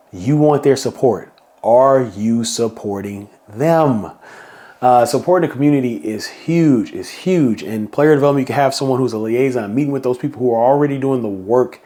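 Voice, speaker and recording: Warm-toned and relaxed, a middle-aged man hosting a podcast narrates a story as a casual monologue. He acts out quotes by breaking into bursts of higher pitch.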